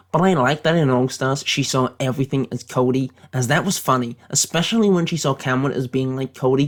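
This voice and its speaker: Deadpan man in a fake American accent. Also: medium pitch. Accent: put-on American accent. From Britain. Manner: deadpan, mock-serious, rambling tangents. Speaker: YouTube commentator. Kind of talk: satirical tier-list commentary.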